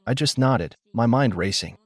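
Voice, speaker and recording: A man narrating a first-person story in a steady, measured way. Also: medium pitch, no echo.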